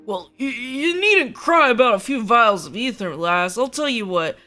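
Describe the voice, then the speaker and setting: A folksy, soft-hearted game merchant, as a woman puts him on, speaking up loud and a little high. The voice is bright and lively. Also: normal speed, soft background music. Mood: kindly.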